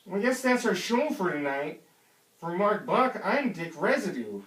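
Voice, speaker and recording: A man's voice: high voice, big pitch swings, normal speed, fairly bright tone. A man hosting a comedy sports talk show, asking questions in a dry, teasing way. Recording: roomy sound from a distance.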